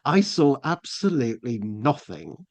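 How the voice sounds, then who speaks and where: In a very animated, creaky mid-range voice at a measured pace, a middle-aged man from England shares a long personal tale. It's casual podcast-guest storytelling, rambling and packed with restarts and fillers.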